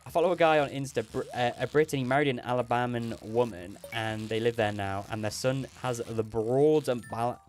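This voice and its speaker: A man's voice: medium pitch, fairly quick, hardly any pauses, faint music behind. A man live-streaming a video game, chatting casually and rambling while reading chat. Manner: rambling, chatty, laughs often, reads out chat.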